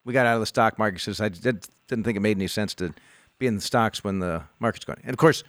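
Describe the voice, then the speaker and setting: A man's voice: lowish voice, fast, no room sound. A man co-hosting a call-in money radio show, chatty and loose, laughing often between thoughts. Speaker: financial radio show co-host.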